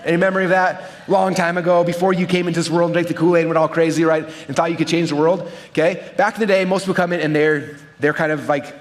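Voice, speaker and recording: A man teaching a seminar crowd at a rapid clip, his voice sitting a little high for a man. He talks with restless energy, telling stories and constantly checking in with his listeners with quick asides. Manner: energetic, checks in with the audience with "right?" and "okay?". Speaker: seminar speaker teaching marketing. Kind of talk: live seminar talk with storytelling. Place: in front of a live audience.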